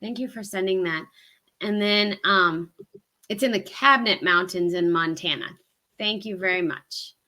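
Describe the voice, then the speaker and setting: A woman's voice: mid-range voice, normal speed, sharp tone. A woman with a Southern US accent co-hosting a hiking livestream, chatting casually and rambling with many ums. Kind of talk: casual live-stream chat.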